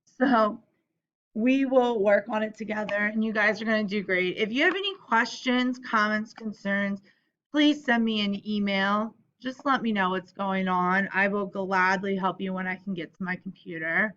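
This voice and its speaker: A woman's voice: medium pitch, moderate pace, fairly bright tone. Friendly woman teacher, slightly dull recording. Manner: friendly, explanatory, casual asides. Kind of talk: recorded lesson for students.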